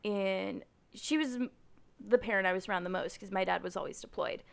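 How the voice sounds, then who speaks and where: Young woman on a podcast, lots of ums, kinda hesitant, fry in her voice. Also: medium pitch, a little fast. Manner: hesitant, starts lines with "um". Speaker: podcast co-host. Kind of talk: casual chat.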